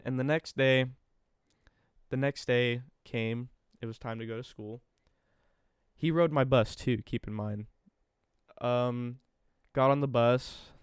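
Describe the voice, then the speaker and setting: Young man, casual story time, rambling and swearing, smooth clear voice, dry close sound. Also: medium pitch, no room sound. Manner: rambling and profane, retelling with quoted back-and-forth. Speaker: vlogger.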